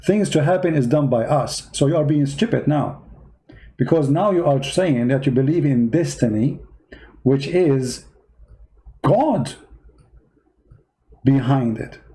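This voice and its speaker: A man's voice: mid-range voice, a little slow, pauses often, dark tone, low-quality recording. A man with non-native English giving online commentary, arguing his point with rhetorical questions. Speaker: Christian commentator.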